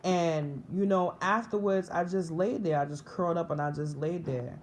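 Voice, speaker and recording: A woman's voice: on the low side, moderate pace, a little mellow, a little hiss or hum. A woman in her thirties telling her spiritual awakening story in a vlog, earnest and emotional, often restarting and repeating herself. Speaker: vlogger sharing a spiritual testimony. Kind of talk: personal storytelling to camera.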